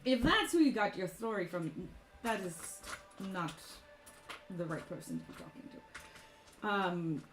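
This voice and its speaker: A woman's voice: medium pitch, very animated, unhurried, long pauses, echoey room, over music. A woman voicing a secretive, defensive female medusa who speaks in a curt, dismissive way.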